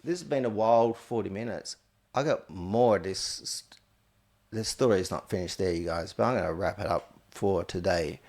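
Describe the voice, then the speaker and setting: A man's voice: low-pitched, moderate pace, darkish tone. A man, a podcast host, telling a rambling, blunt, profane story about his own life. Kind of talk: candid storytelling monologue.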